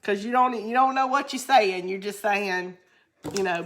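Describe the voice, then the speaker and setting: A woman's voice: mid-range voice, fairly quick, noisy background. A woman from the Southern United States with a Southern drawl, chatting casually and laughing as she crafts and reads viewer comments. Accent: Southern American. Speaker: craft video host.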